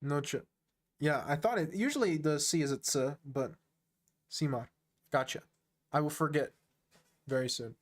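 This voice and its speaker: A man's voice: fairly high pitch, normal speed, pauses often. Chatty self-deprecating man streaming chess. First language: English. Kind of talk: casual live-stream commentary.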